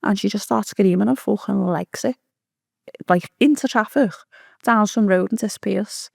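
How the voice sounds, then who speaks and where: Gravelly-voiced woman telling a tale. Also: mid-range voice, moderate pace, no room sound, studio quality. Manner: swearing, animated, acts out quoted speech. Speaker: podcast guest. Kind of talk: storytelling in casual chat.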